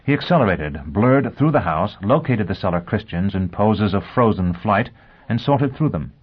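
Male audiobook narrator, steady delivery, fairly low voice, dull lo-fi audio. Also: moderate pace, breathy edge. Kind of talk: scripted narration.

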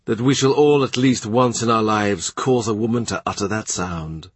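A man's voice: lowish voice, moderate pace, breathy edge, no room sound. A man voicing a languid, silken courtier with an airy, idle manner.

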